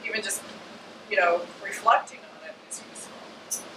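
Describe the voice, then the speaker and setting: A woman's voice: medium pitch, normal speed. Chatty woman astrologer in an echoey room. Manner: chatty and animated, acts out little voices. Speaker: astrologer speaking to an audience. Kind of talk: informal talk to a live audience. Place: room with a live audience. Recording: echoey room, distant mic, air conditioning hum.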